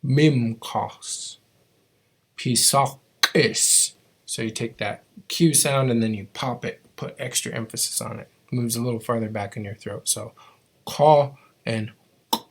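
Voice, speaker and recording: A man's voice: medium pitch, steady tone, normal speed, creaky, slightly rough. A man teaching a language class, patiently explaining how to make each sound, with frequent ums and restarts.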